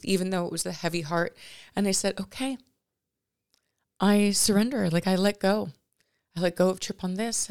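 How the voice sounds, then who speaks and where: A young woman with a low voice and plenty of vocal fry recounts a personal spiritual experience for her vlog. She rambles and restarts her sentences, and her voice often sinks to a soft near whisper. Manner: rambling, halting, full of self-corrections. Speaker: vlogger. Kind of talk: reflective personal storytelling.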